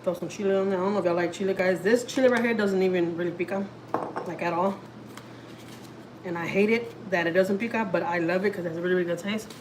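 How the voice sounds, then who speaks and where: A woman's voice: fairly low pitch, fairly even intonation, fast, background noise. A woman, chatting casually to viewers while cooking in her home kitchen. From Houston, Texas. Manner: chatty, talks straight to viewers, lots of "like" and "y'all". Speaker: family vlogger.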